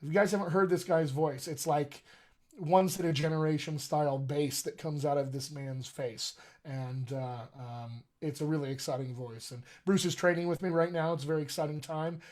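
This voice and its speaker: A middle-aged dialect coach, chatty and enthusiastic, coaches actors on accents during a live Q&A. His voice is a little high and darkish, with a steady tone and normal speed.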